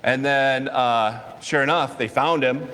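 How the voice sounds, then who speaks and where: A man pastor preaching a sermon, telling a personal story in a lively way with chuckles and asides. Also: medium pitch, takes it slowly. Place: church sanctuary. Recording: long church reverb.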